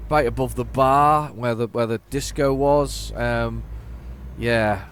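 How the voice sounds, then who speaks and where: A man with a lowish voice chats and rambles while playing a game for his let's play. The home recording, made close on a desk mic, carries a little hiss or hum. His casual commentary is talkative and self-deprecating.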